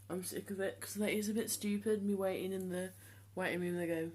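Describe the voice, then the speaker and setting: A young man of seventeen chats informally to the camera for a vlog, using a voice he's intentionally trained to be lower and keeping a level tone. His speech is halting, full of ums and restarts.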